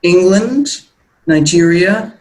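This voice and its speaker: A woman's voice: on the low side, animated, slow, a little mellow, low-quality recording. A middle-aged American woman being interviewed as a guest, talking in a reflective, meandering way with many restarts. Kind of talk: casual interview chat.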